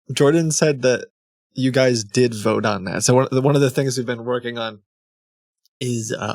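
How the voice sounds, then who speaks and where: A man's voice: mid-range voice, no echo. A man hosting a live stream, chatting casually with viewers, with frequent restarts and fillers. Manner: hesitant, many restarts, laughs along with chat. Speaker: streamer host.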